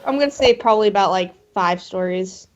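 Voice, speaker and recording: A woman playing a tabletop game, speaking in a deliberate, wry way. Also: mid-range voice, dull audio, background noise. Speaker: player. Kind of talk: casual tabletop play.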